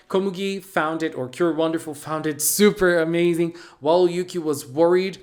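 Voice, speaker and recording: A chatty anime reviewer talks through an episode in a casual recap. The voice sits at a middle pitch. The delivery is playful, with sassy little asides.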